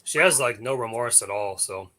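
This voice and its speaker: A man chatting casually as a show co-host. His voice is bright and forceful. He tells animated stories with coarse slang and laughs often. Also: medium pitch, moderate pace. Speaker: podcast co-host. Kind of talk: casual chat.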